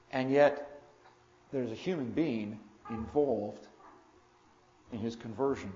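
A man delivers a sermon from the pulpit, surging into loud emphatic bursts and then stretching out his stresses. His voice sits in the middle range. The sound is echoey and a little muffled, like a church recording. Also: medium pitch. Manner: preaches with sudden loud emphatic swells and slow drawn-out stresses. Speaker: pastor.

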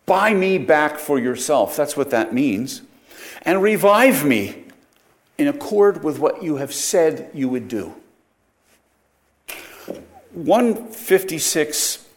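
A man teaching a Bible study lecture, explaining verses with frequent rhetorical questions and self-corrections. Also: fairly high pitch.

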